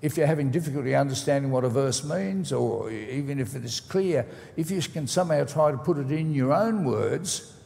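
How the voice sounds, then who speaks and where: Male pastor, gravelly voice, measured teaching sermon, church hall reverb. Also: mid-range voice, animated, darkish tone. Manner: measured, teaching tone with deliberate emphasis.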